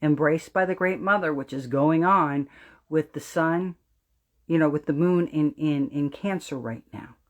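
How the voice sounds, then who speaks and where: A New Jersey woman leads a spiritual astrology livestream in an unhurried way, and the sound is lo-fi. Her delivery to viewers is emphatic and preachy, full of swearing, with dips into an intent low voice for emphasis.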